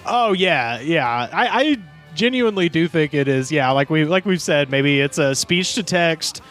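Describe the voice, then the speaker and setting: High, lively man. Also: normal speed, faint music behind. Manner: laughs often, slips into silly put-on voices for comments. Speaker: podcast co-host. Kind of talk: casual comedic chat reading comments.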